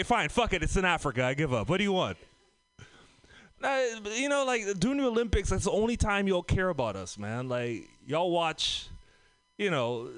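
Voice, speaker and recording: A man's voice: on the high side, a bit bright, smooth, dry recording. A man from Trinidad and Tobago doing a stand-up comedy set, swearing freely and laughing through his lines.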